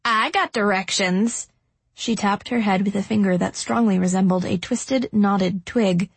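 A woman reads a first-person novel aloud in a steady, even way. Her voice has a husky, breathy edge. The close studio mic is very dry. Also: mid-range voice, moderate pace, no echo. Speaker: audiobook narrator. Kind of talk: first-person audiobook narration.

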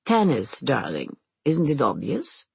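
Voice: medium pitch, huge pitch swings, unhurried, vocal fry, a little mellow, husky, no room sound, full character voice. A storyteller voicing an aristocratic wife who answers in a bored, sardonic way and snaps back when pushed. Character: sharp-tongued aristocratic wife, bored and defiant.

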